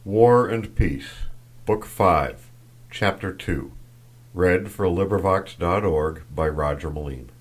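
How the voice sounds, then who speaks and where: A man reading a classic novel aloud as an audiobook narrator, in a measured, even delivery. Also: low voice, slightly rough. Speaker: audiobook reader. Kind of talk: scripted narration.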